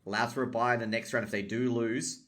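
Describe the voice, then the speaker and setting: Fast-calling male esports caster. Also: medium pitch, fairly even intonation, fairly bright tone. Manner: rapid call-outs that lift sharply on kills. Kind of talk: play-by-play game commentary.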